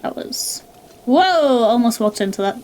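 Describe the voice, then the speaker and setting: Woman, game streamer, high voice, casual playful commentary. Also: expressive, measured pace, a little mellow. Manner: playful, laughs often, apologizes in mock panic.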